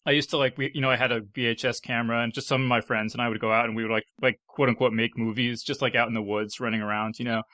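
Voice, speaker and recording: A man's voice: mid-range voice, flat delivery, rapid-fire, few pauses, bright, forceful tone, dry recording. A man hosting a casual panel podcast, chatty and full of fillers, laughing often as he talks. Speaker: podcast host.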